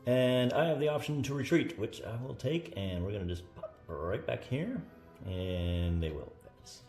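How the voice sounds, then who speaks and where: A man's voice: medium pitch, lively intonation, moderate pace, a little mellow. A man hosting a solo board wargame playthrough, thinking aloud as he counts up modifiers and dice rolls, with frequent "uh"s. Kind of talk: solo tabletop game commentary. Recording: echoey room, faint music.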